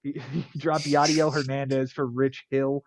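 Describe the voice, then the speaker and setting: A man's voice: medium pitch, flat delivery, normal speed, dry recording. A man hosting a podcast who casually rattles off fantasy baseball stats and cracks jokes. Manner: rattles off stat lines, wisecracking. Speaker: podcast host.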